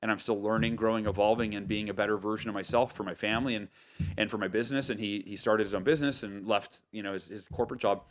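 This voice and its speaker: A man from the United States, an author, telling stories as a podcast guest in an animated way, with lots of fillers and restarts. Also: fairly low pitch, fast. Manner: animated, loose talk with many fillers and self-corrections. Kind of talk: casual storytelling interview.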